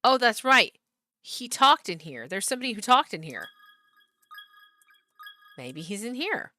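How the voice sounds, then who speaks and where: Bright-voiced woman streaming a horror game. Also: fairly high pitch, very animated, measured pace. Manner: chatty, talks to the characters on screen. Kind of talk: gaming commentary, reading game text aloud.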